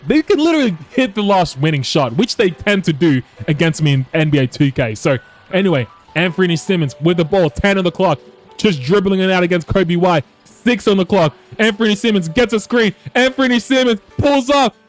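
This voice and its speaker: Exasperated gamer, high lively voice. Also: male voice, fairly quick, soft background music. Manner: frustrated, swearing, swings from mutters to shouts. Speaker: gaming YouTuber. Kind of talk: casual play-by-play commentary over a video game.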